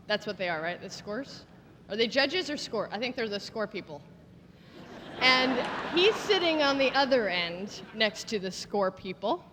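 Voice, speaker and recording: A woman's voice: fairly high pitch, noisy background. A woman presenting at an awards show, telling a playful, gossipy comic story on stage. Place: large theater stage. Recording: echoey hall with a loud audience.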